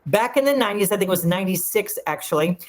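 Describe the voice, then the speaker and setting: A woman's voice: medium pitch, animated, fast talker. Enthusiastic middle-aged woman, film show co-host, storyteller, casual chat. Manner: chatty, tells long anecdotes with enthusiasm.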